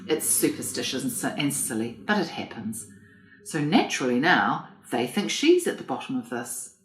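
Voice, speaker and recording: A woman reading an audiobook, voicing a calm, troubled male country doctor who explains things patiently. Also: very deep voice, moderate pace. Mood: grave. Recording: roomy echo.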